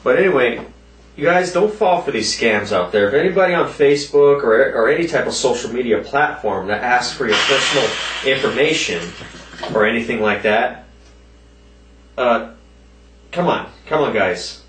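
A man of middling pitch talks loosely to his viewers, rambling from one thing to the next and swearing often. His voice sounds a bit distant from the mic, and the room around him gives it a noticeable echo. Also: lively intonation, moderate pace, a bit bright. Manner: rambling, swears a lot, voices quoted people in a higher pitch. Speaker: vlogger. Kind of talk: casual profane rant to viewers.

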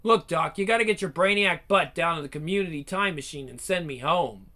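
A man voicing a cocky, sarcastic male action hero in a one-man game fan dub, trading one-liners and battle yells. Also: fairly high pitch, a little fast.

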